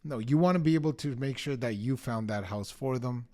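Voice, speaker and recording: A middle-aged man gives real estate tips straight to the camera at a mid pitch. He drives each point home with punchy emphasis and slips into quick acted snippets of clients and agents. His delivery is energetic and direct. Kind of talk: energetic coaching talk to the camera.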